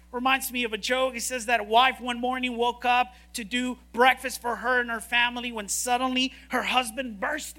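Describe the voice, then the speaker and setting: High, bright animated woman preacher. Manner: animated, joking, emphatic. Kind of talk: sermon.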